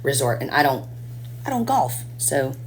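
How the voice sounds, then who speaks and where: A woman's voice: very deep voice, very animated, normal speed, slight background noise. A woman chatting casually on a live stream as she paints, rambling and answering viewers' comments.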